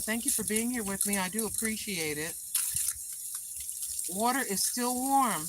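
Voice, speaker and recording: With background noise around her, an older vlogger speaks in an expressive mid-range voice at a measured pace. Filming on a handheld phone as she waters her garden outdoors, she chats casually with viewers and talks to herself, sounding tired and calling herself Granny.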